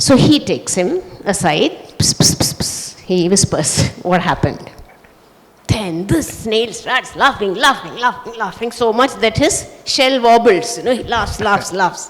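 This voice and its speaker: A woman's voice: mid-range voice, moderate pace. A woman author, telling funny stories to children at a literature festival, laughing as she goes. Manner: animated, laughs through her storytelling. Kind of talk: storytelling to children at a festival talk. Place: festival hall. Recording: reverberant hall.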